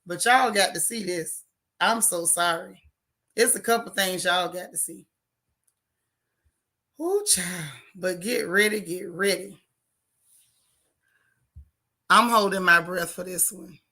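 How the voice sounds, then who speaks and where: Her lowish voice comes out bright and forceful, slow, with long pauses. As a vlog host on a casual livestream, she reads viewer comments aloud, pokes fun at her audience, and chats with dramatic exclamations.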